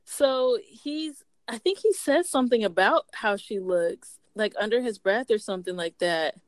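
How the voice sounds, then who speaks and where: A woman's voice: a little high, moderate pace, no echo. A woman co-hosting a podcast, casually recapping a story and quoting the characters. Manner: chatty, quotes characters with laughs. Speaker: podcast co-host.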